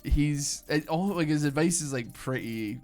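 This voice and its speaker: A man's voice: fairly high pitch, a little slow, darkish tone. A young British man streaming a game, chatting loosely with viewers and rambling with lots of fillers and restarts. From Britain. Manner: rambling, filler-heavy, restarts mid-thought. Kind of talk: live gameplay commentary, chatting with viewers. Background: faint game music.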